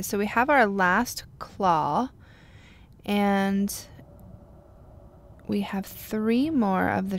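Slow-talking gravelly woman game streamer. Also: medium pitch. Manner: chatty, wry, drops to a murmur. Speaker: gameplay video host. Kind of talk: casual let's-play commentary.

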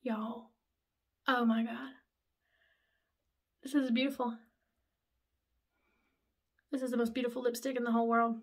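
A woman, chatting excitedly while doing her makeup in a casual vlog, gushing and chatty. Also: on the high side, a little slow, long pauses. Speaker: makeup vlogger. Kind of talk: casual get-ready-with-me chat.

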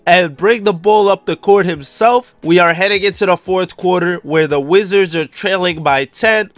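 A guy putting on a basketball announcer calling a game play by play, upbeat broadcast tone, kinda high voice, dry sound with faint game music under it. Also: dry recording.

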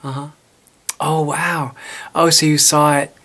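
A man playing a mock school newspaper reporter in a comic character sketch, talking in an awkward, halting way, full of fillers and apologies. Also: fairly high pitch, little pitch movement, bright, forceful tone.

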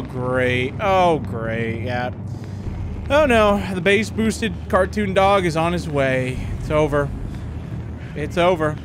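Brief: young male gaming commentator, high-pitched, panicky, faint game noise underneath. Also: fairly bright tone. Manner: panicky, repeats words rapidly when scared. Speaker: gaming YouTuber.

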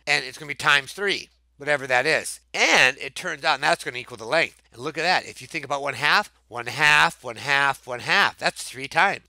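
A man's voice: a little high, brisk, gravelly, hardly any pauses, no echo. A man teaching a math lesson on video, thinking aloud and asking his viewers rhetorical questions. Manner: animated, thinks aloud, exclaims over answers.

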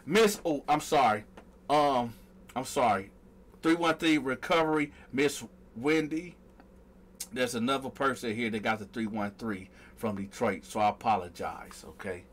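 A man hosting a casual live stream, shouting out viewers by name in a loose, chatty way. His voice sits a bit higher than most men's. He stumbles and restarts over names as he talks. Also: measured pace. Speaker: livestream host.

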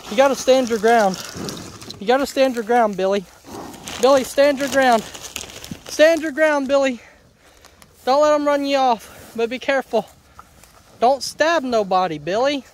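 Male homesteader, very high pitch, chatty and joking with his animals outside. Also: measured pace, pauses often, slight background noise. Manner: playful, chatty, teasing. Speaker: homestead vlogger. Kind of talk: casual vlog, talking to farm animals. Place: outdoor farm pasture.

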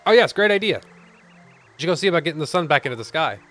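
A man's voice: on the high side, lively intonation, quick pace, a bit bright, faint music behind, voice pushed up. A man putting on a sweet, grateful lily lady. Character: grateful, gentle female lily flower.

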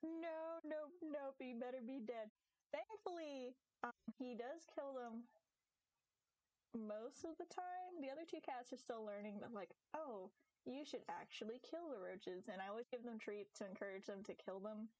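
Chatty high-voiced woman game streamer. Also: moderate pace, a little mellow, no room sound, poor audio. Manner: chatty and giggly, rambling into stories. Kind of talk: casual chat while streaming a game.

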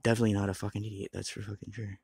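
A man's voice: on the low side, little pitch movement, very fast, creaky, a little mellow, slightly rough. A man talking to the camera in a rambling, swearing monologue, restless and blunt. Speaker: vlogger.

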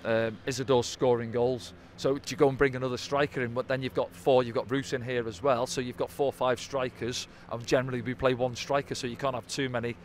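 A man talks football at a quick clip, breaking down a match casually and tossing in little tag questions. His pitch sits mid-range. Faint traffic noise hums behind him outdoors. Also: level tone. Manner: conversational, tag questions like "didn't they?". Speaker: football pundit. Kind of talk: post-match analysis chat.

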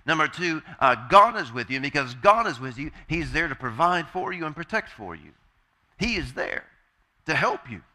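A man's voice: fairly high pitch, sing-song, moderate pace, pushed and bright. A man preaching a sermon as pastor, emphatic and repeating key phrases, asking the congregation call-and-response questions.

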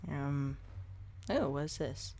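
A gaming video host records casual let's-play commentary on a desk microphone at his home setup, chatting with viewers and with himself and reacting aloud to jump scares. His voice is mid-range and his pace slow.

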